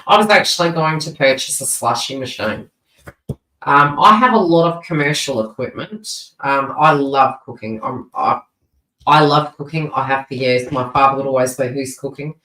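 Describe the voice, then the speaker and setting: A woman's voice: very deep voice, a bit bright, far from the mic. Chatty woman reading tarot live. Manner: chatty, rambling, with frequent asides and restarts. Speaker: tarot reader. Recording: roomy sound, voice away from the mic.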